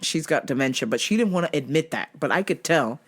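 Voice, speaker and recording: A woman's voice: low-pitched, lively intonation, quick pace, husky. A woman host telling work stories casually, profane and often laughing. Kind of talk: casual comedic storytelling.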